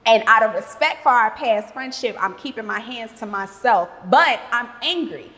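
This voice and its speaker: A woman hosting a podcast in casual chat, talking in an expressive, emphatic and candid way. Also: on the high side, moderate pace, in a large hall. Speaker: podcast host.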